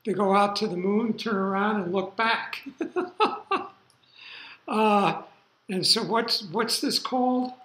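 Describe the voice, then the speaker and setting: An older man giving a university lecture, rambling through relaxed asides with fillers. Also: high voice, takes it slowly, long pauses. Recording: roomy lecture hall.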